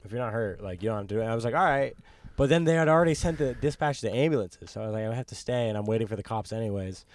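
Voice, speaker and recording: A man's voice: fairly low pitch, expressive, rapid-fire. Laid-back young man rambling. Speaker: podcast guest. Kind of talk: casual podcast chat.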